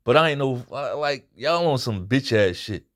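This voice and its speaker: A man's voice: medium pitch, expressive, moderate pace. Blunt, profane man ranting about a fight. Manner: blunt, profane, emphatic, repeats points for emphasis. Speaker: boxing commentary channel host. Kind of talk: casual fight recap rant.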